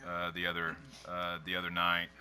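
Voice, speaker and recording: A man's voice: deep voice, monotone, moderate pace, bright, forceful tone, slight background noise. A man, a school superintendent, reporting to a board in a conversational way with many "uh" fillers.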